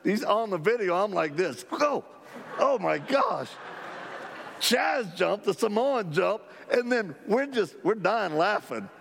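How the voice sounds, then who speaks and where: A man leading a ministry, telling stories to a live audience in an animated, folksy way with jokes about himself. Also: high-pitched, unhurried, creaky, hardly any pauses, a little hiss or hum. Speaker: ministry leader speaking to supporters. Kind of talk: storytelling talk to a live audience. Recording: long hall reverb.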